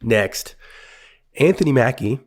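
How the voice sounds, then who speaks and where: A man's voice: medium pitch, animated, takes it slowly. A young man co-hosting a casual movie podcast, rambling with many fillers and restarts. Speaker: podcast co-host. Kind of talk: casual chat.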